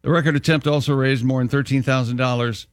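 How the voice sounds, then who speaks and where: A man's voice: mid-range voice, steady tone, fast, clean tone, no echo, clean studio sound. A man reading sports scores and odd news on a morning radio show, in casual banter with jokes. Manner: joking, plays out scenes in a mock pep-talk.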